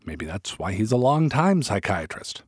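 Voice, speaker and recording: A man's voice: lowish voice, sing-song, moderate pace, husky, dry recording, studio quality. A man hosting a podcast, reading scripted narration with a wry, joking touch.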